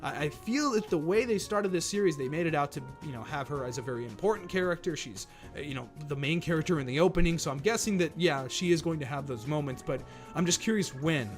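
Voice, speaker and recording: Eager man reviewing anime, higher voice. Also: animated, fast, faint music behind. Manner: enthusiastic, thinking aloud. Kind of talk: casual video commentary.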